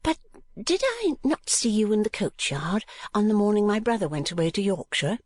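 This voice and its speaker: A man's voice: high-pitched, big pitch swings, moderate pace, no room sound, pitched above the performer's own voice. A man reading an audiobook, voicing a polite, earnest young woman in a raised voice. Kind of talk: audiobook character voice.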